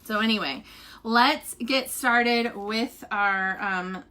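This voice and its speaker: A young woman talks in a chatty, loose way, with plenty of fillers, and she sounds tired. Her voice sits a little high and carries a bright, forceful edge. She often slips into quick impressions of what others said. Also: a little hiss or hum. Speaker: vlogger giving a family update. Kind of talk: casual spoken update.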